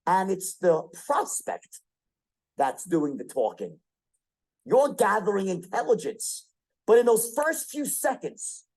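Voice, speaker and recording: Animated, emphatic man leading a sales seminar. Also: high voice, poor audio. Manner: emphatic, repeats key phrases, quizzes the audience; profane, punchy delivery. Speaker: sales trainer. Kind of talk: motivational sales seminar talk.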